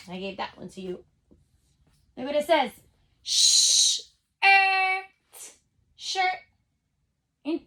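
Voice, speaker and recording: A woman teacher giving a phonics lesson to young children over a video call, sounding out letters slowly and cheering them on. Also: high voice. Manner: upbeat, encouraging, speaks straight to the kids.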